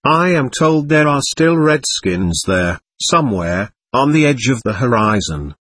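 A man's voice: mid-range voice, sing-song, a little slow, a bit bright, husky, dry recording, full character voice. A man voicing a passionate, anguished young prisoner, speaking fervently and pleadingly.

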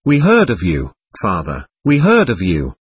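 A man voicing a thin, worn peasant mother who laments her dead son in a slow sing-song, within an audiobook reading. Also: low voice, wildly swooping pitch, husky, dry recording, pitched below the performer's own voice, full character voice. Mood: grieving.

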